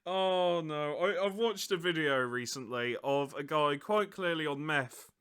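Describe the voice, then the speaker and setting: A man's voice: fairly high pitch, lively intonation, a little slow, bright, forceful tone, smooth. A man hosting a casual hobby chat, rambling and self-mocking, often breaking into giggles. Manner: giggly, keeps breaking into laughter. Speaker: hobby channel host.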